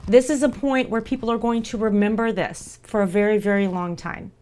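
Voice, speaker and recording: A woman streaming live and speaking straight to her community. Her voice sits at an ordinary middle pitch, and her delivery is earnest and reassuring. She keeps coming back to the same words to drive her point home. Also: fairly even intonation, brisk, darkish tone. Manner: earnest and reassuring, repeats for emphasis. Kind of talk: live-stream chat to viewers.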